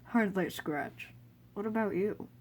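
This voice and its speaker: A big gentle monster king, an older male, speaking softly with regret and kindness, as a woman reads him in her own voice. The lines sit in a storybook audio reading. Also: medium pitch, measured pace, a little hiss or hum, lightly acted. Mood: kind, remorseful. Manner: soft, kindly, apologetic.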